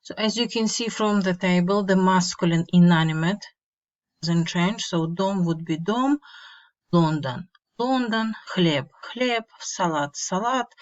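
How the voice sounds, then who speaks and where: A woman teaching a slow, step-by-step grammar lesson, repeating each word and giving its meaning. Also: fairly low pitch. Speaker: language teacher. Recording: dull lo-fi mic.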